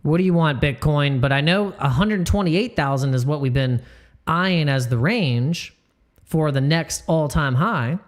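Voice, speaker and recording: A man hosts a casual crypto live stream in a loose, rambling way. He leans on slang, repeats his words and jokes with the chat. His voice sits a little high for a man. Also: expressive, unhurried.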